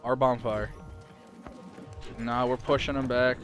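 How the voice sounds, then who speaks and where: Male gamer, mid-pitched, excitable, profane callouts; music clearly audible underneath. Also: takes it slowly. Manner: excitable, swears a lot, laughs often. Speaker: gamer streaming his point of view in a clan war. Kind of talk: casual gameplay commentary. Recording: music playing behind.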